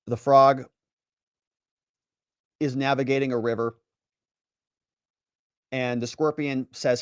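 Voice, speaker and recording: A man who is a lawyer hosting a livestream, giving sarcastic, animated commentary and reading viewer chat aloud. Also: mid-range voice, slow pace, long pauses, smooth, dry recording, clean studio sound.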